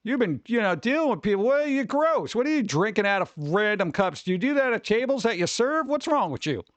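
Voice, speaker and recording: Reacting to viewer messages, this streamer host rambles through a casual chat at a quick pace, joking and breaking into lively mock rants in a fairly high voice. The desk mic sounds close and dry with no room sound, and the highs are cut off.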